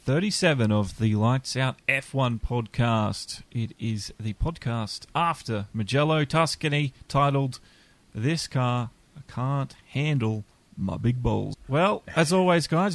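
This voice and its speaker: A man's voice: mid-range voice, a bit bright, no echo. A man hosting a casual podcast chat, plain-spoken and teasing. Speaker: podcast host.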